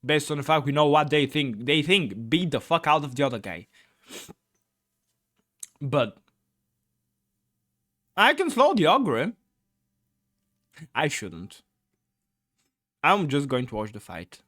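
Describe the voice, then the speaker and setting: A man reads a fantasy gamebook aloud and talks over it, rambling with plenty of "uh"s and the odd blurted swear word. His delivery is unhurried, and his pitch jumps around a lot. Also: very animated, a bit bright. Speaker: gamebook let's-player. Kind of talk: reading a gamebook aloud with commentary.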